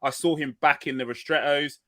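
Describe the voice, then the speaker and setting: A man hosting a football podcast in an excited, chatty way, full of energy as he brings in his co-hosts. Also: on the high side, brisk. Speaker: podcast host. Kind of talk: excitable casual podcast chat.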